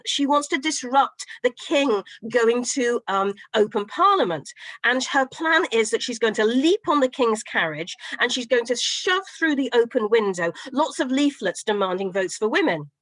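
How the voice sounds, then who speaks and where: Animated woman lecturing with a story. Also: a little high, no echo, poor audio. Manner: lively storytelling with fillers. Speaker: professor giving a history talk. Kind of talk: online lecture. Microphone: video call.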